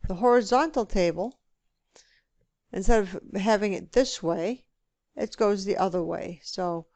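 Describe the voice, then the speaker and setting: A woman teaching a spreadsheet lesson, talking through each click step by step in a relaxed way. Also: mid-range voice, dry recording. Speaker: instructor. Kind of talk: screen-recorded software tutorial.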